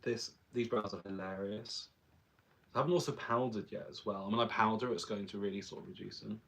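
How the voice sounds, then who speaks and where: A man's voice: on the low side, fairly even intonation, brisk, gravelly, a bit bright. A man who is a drag performer, chatting playfully while doing his makeup and laughing often.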